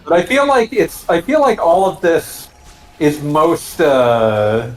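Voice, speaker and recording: A man's voice: a little high, wildly swooping pitch, takes it slowly, low-quality recording. A man joking dryly as a co-commentator on a game stream, in casual banter. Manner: dry, wisecracking. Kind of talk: casual banter over gameplay.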